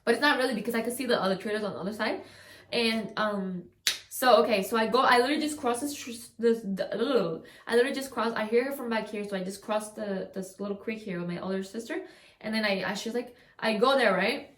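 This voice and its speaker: A young woman with a fairly high voice talks at a quick pace, rambling through a long personal story to the camera for a casual storytime vlog. She leans hard on "like" and restarts her sentences often, and the recording has a roomy echo.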